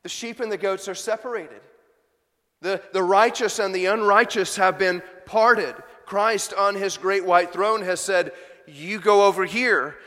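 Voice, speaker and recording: High-voiced male preacher in a reverberant hall. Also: fairly even intonation, unhurried, sharp tone. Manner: emphatic, rising to pleading intensity in quoted voices. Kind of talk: sermon.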